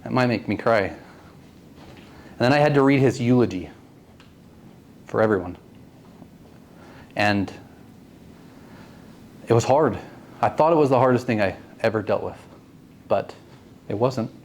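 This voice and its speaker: A man's voice: medium pitch, measured pace, long pauses, darkish tone. A man in his late thirties telling a personal story to a networking group, earnest and often asking the audience questions. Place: meeting room.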